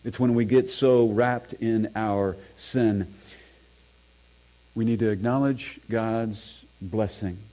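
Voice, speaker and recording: A man's voice: fairly low pitch, steady tone, slow pace, dark tone, poor audio. A man preaching a sermon in a church, reading scripture aloud with earnest emphasis and self-deprecating asides. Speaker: pastor. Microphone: microphone.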